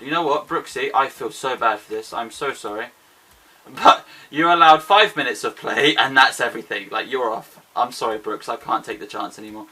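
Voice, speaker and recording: A young man with an excitable, self-mocking manner, commentating his own football video game match. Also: mid-range voice, moderate pace, distant mic. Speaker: gaming YouTuber. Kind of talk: casual gameplay commentary.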